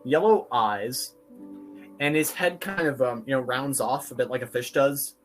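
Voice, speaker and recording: Game master narrating, music behind. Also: male voice, mid-range voice, a little slow. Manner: descriptive, hesitant with fillers.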